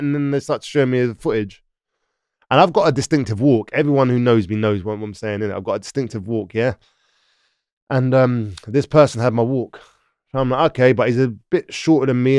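London man as podcast guest, animated street-slang storyteller, dry close sound. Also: medium pitch, clean tone, dry recording. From London, England. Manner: animated, slangy, acts out quoted voices. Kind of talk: casual storytelling.

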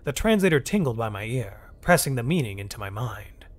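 A man reading a first-person story aloud, in a measured, tense storytelling manner. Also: medium pitch, sing-song. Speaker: story narrator. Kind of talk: scripted first-person narration.

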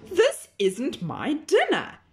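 A woman's voice: sits high, wildly swooping pitch, slow, pitched above the performer's own voice, heavily acted. A woman voicing a huffy, folksy female cow in a children's storybook reading, with a drawling, emphatic delivery.

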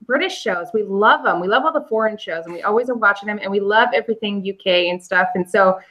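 A woman's voice: mid-range voice, quick pace, a bit bright, poor audio. A woman in casual panel chat, chatty and gushing. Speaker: YouTube reseller co-host.

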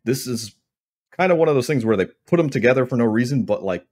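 A man's voice: mid-range voice, expressive, a little mellow. A man co-hosting a wrestling podcast, joking and rambling in casual chat. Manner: joking, rambling, fast bursts. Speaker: podcast co-host.

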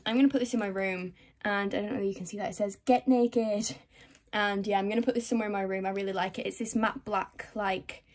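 A young woman from England talks casually through her shopping haul. Her chat rambles, full of fillers and soft asides. Her pitch sits in the middle range for a woman. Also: slight background noise. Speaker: vlogger.

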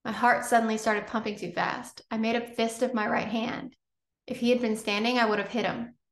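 Woman reading an audiobook, gravelly, roomy. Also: fairly high pitch, fairly even intonation. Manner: measured, unhurried reading. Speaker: audiobook narrator. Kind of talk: scripted audiobook narration. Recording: roomy echo.

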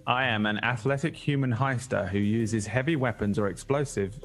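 A man's voice: medium pitch, normal speed, soft background music. A man chatting as a player in a tabletop game, rambling, swearing casually and laughing often. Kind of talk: casual actual-play chat.

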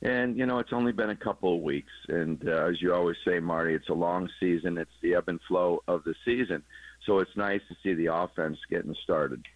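A former third base coach talking baseball on a sports radio show, explaining plays in a relaxed way and chuckling at his own jokes. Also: low-pitched, a little fast, no echo. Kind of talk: casual sports radio chat. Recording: dull lo-fi broadcast audio.

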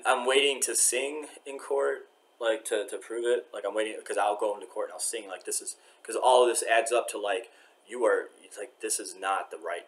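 Rambling, low-voiced man muttering on camera. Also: fairly bright tone, a little hiss or hum. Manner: hesitant and rambling, with many restarts and fillers; voice often drops low and trails off to a mutter. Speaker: vlogger. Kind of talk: rambling vlog monologue. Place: courthouse waiting area.

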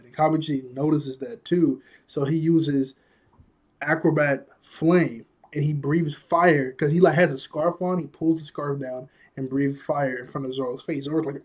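A man casually recapping an anime episode, animated, laughing often, and acting out quotes in a raised voice, a bit out of breath. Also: a little high, normal speed, husky. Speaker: anime reviewer.

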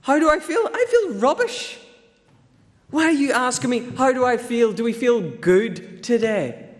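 A man voicing a groggy, exasperated male churchgoer who fires off indignant rhetorical questions, his voice climbing high. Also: animated, unhurried. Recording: long church reverb.

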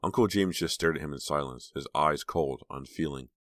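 A man narrating an audiobook in a steady, measured reading. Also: extremely low pitch, dry recording, studio quality. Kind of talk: scripted narration.

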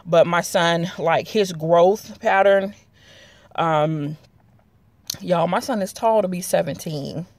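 A woman's voice: fairly low pitch, slow pace, no echo. A woman, chatting casually to her viewers in a rambling vlog. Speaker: vlogger. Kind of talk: casual chat to camera.

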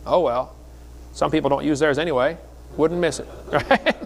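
A man's voice: fairly high pitch, moderate pace, gravelly. A middle-aged man preaching a sermon in a folksy storytelling way, with jokes between the stories. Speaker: creationist speaker.

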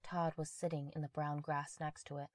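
Low-voiced woman narrating a horror story. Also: flat delivery, normal speed, no room sound.

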